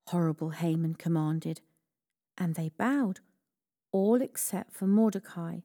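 A woman reading a children's Bible story aloud as storyteller, slow and expressive. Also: lowish voice, no room sound, studio quality.

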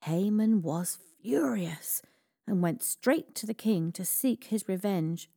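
A woman reading a children's Bible story aloud as storyteller, slow and expressive. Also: medium pitch, gravelly, no room sound, studio quality.

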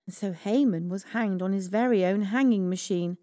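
A woman reading a children's Bible story aloud as storyteller, slow and expressive. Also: medium pitch, no echo, studio quality.

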